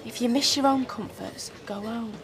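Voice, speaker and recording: Give me an actress voicing a brisk, no-nonsense woman in a TV drama. Her voice sits fairly high, with noise behind it. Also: lightly acted. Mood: firm. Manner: brisk, firm. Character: firm woman telling a man to go home.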